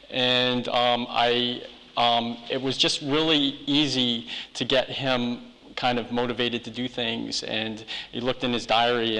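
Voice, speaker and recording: A man's voice: mid-range voice, bright, forceful tone. A man, a charity founder being interviewed on a live chat show, talking hesitantly with many ums and restarts. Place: live event hall. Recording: long hall reverb.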